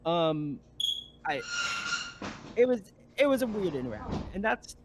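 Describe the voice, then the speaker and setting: A man's voice: high-pitched, big pitch swings, measured pace, background noise. A man, a guest on a live stream, telling a story in a rambling casual way with many fillers and restarts.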